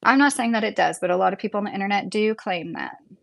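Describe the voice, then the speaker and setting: A woman's voice: mid-range voice, fast, vocal fry. A woman in her thirties or forties with a Midwestern accent, rambling casually as she hosts a livestream and reads chat, laughing often. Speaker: livestream host reading chat.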